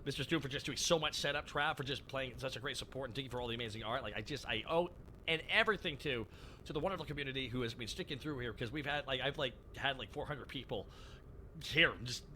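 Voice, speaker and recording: A man hosting a live stream, chatting casually in an animated, profane way. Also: medium pitch, fast, slight background noise. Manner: animated, profane, laughing often. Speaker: streamer host.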